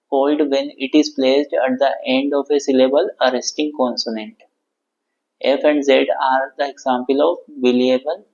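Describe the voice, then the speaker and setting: A man, a teacher reading exam questions and answers aloud, halting and correcting himself along the way. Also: medium pitch, warm tone. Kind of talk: exam quiz walkthrough. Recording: dull lo-fi sound.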